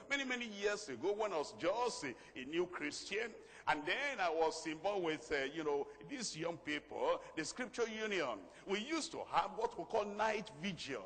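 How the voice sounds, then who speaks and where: A pastor preaching a sermon, emphatic, repeating key phrases and reading scripture slowly and loudly. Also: male voice, a little high, lively intonation. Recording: long reverb of a large hall.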